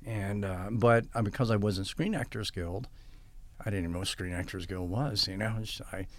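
Low-ish and steady, this older guest's voice moves briskly, with no room sound. In a storytelling interview he spins long, rambling tales, performing the quoted dialogue along the way.

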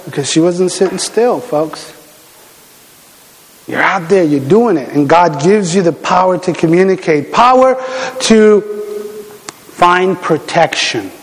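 A middle-aged man preaching a sermon as a pastor, telling stories in an animated way, with frequent fillers and restarts. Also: high-pitched, a little slow, pauses often. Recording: long hall reverb.

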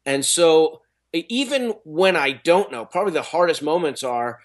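Rambling middle-aged man, slightly high voice. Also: animated, normal speed. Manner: rambling, many restarts and fillers. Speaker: actor and speaker. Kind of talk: casual interview talk.

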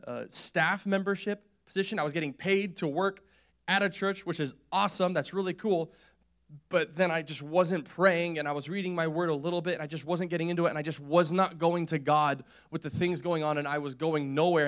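A man's voice: a little high, clear, resonant tone. Young man preaching a casual sermon. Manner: conversational, repetitive, laughs often. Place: church.

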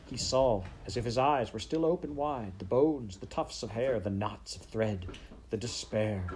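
A man reading a children's storybook aloud in a dramatic, measured way. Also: mid-range voice, darkish tone, slight background noise, low-quality recording. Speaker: audiobook narrator.

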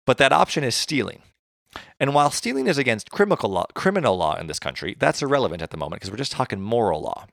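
A man's voice: mid-range voice, very animated, fast, vocal fry, fairly bright tone, dry recording, clean studio sound. A man, co-hosting a podcast and casually explaining philosophy, self-deprecating and tripping over hard words. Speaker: podcast co-host.

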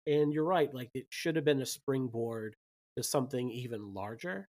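A man's voice: medium pitch, moderate pace, a little mellow. A man co-hosting a casual film podcast, chatting and listing an actor's roles with frequent "like" fillers. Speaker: podcast co-host.

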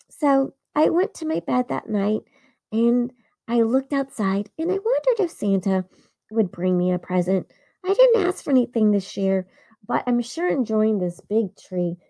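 A woman narrating a first-person Christmas story in an earnest, animated way. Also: a little high, gravelly. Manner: earnest, animated, with small laughs.

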